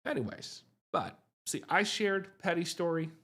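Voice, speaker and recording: Male host, casual livestream storyteller, husky voice, pitch swinging widely, self-deprecating and chatty. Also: a little slow. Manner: animated, self-mocking, chatty with many tags like "right?". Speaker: psychiatrist hosting a livestream.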